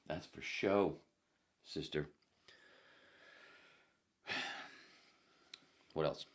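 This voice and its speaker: A man's voice: deep voice, slow pace, long pauses, husky. A middle-aged man hosting a podcast alone, rambling through self-mocking stories in casual chat and reading out a live chat. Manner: rambling, self-mocking, drops into whispers and laughs. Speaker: podcast host.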